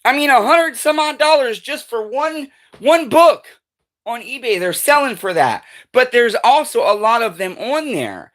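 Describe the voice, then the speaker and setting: A man hosting a livestream from his home, ranting angrily and swearing constantly, swinging between heated outbursts and lower muttering as he moves between rooms. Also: very animated, unhurried. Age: adult parent. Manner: profane, heated and complaining; rising to loud agitation, then muttering lower while walking around. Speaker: livestream host. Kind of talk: angry livestream rant.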